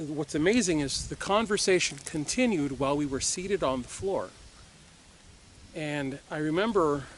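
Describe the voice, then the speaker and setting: A man's voice: on the high side, slight background noise. A middle-aged man from Puerto Rico telling a personal story to camera in a rambling, reflective way, with many fillers and restarts. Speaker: firearms training company owner.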